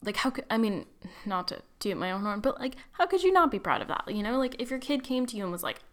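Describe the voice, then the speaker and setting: A woman's voice: fairly high pitch, very animated, fast talker. A young woman, a college student, chatting casually about her life, filling her talk with likes and you-knows and poking fun at her own flair for drama. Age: young adult. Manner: chatty, filler-heavy, self-deprecating, dramatic. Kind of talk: casual personal storytelling.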